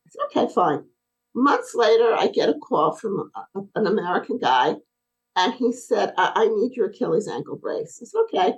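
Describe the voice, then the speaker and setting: A middle-aged woman chatting as a podcast guest, spinning one anecdote after another. She acts out the lines of the people in her stories, and her voice swings widely up and down from a middle pitch. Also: moderate pace, poor audio. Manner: animated, acts out quoted dialogue. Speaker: podcast guest, brace company owner. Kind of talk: casual interview storytelling.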